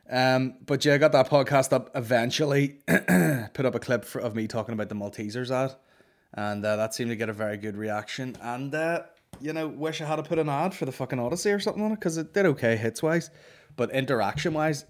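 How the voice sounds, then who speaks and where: A young man hosts a comedy podcast and speaks straight into a close microphone. His voice sits at an ordinary middle pitch. He rants in an exasperated way, peppers every sentence with curses, and slips in quick mock exchanges. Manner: heavy swearing, exasperated ranting, quick acted-out quips. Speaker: podcast host. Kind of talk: casual comedic rant. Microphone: studio podcast microphone.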